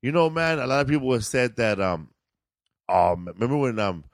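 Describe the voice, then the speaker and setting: Slangy animated man telling a story. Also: medium pitch, normal speed, dry recording, studio quality. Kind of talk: casual chat.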